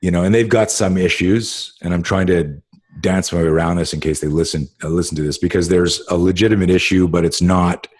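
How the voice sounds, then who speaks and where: A man's voice: low voice, steady tone, fairly quick, darkish tone, breathy edge, no echo. A middle-aged man in casual conversation as a podcast host, rambling through stories with lots of fillers and swearing.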